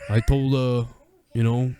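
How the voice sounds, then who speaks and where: A young man co-hosting a crude, rambling chat, often breaking into loud put-on voices. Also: mid-range voice, flat delivery, unhurried, clear, resonant tone. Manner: rambling, slips into shouted wrestler impressions. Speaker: podcast co-host.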